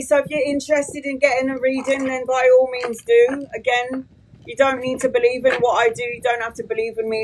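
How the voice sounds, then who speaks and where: A woman's voice: fairly high pitch, a little hiss or hum, low-quality recording. A woman in her forties, a tarot reader talking casually and bluntly on a live stream from her phone, swearing freely. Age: 40s. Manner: blunt and sweary, quick to vent.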